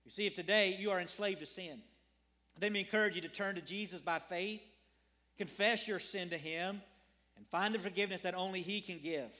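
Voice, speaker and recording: A man's voice: sits high, a little fast, sharp tone. A man preaching a sermon as a pastor, earnest, repeating phrases and asking his congregation questions.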